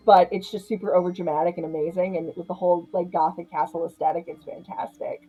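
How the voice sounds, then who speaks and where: A young woman casually recapping a horror comedy, chatty and animated, laughing often. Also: fairly low pitch, fast, hardly any pauses, slightly rough, soft background music, poor audio. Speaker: film reviewer.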